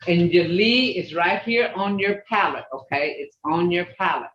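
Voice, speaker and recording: A language teacher leading an online class, sounding out syllables slowly, one at a time. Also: medium pitch, lively intonation, a bit bright. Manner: slow, drawn-out syllable drilling. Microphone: video call. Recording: echoey, dull video call audio.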